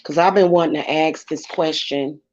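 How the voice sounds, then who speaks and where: A woman's voice: low voice, steady tone, moderate pace, a little mellow, muffled recording. A woman tarot reader talking bluntly and casually on a livestream. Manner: blunt and chatty.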